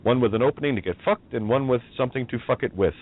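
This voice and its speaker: A man's voice: mid-range voice, rapid-fire. Profane ranting man. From Northern Ireland. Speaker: radio host. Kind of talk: ranting talk radio. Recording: tinny phone-line audio, dry.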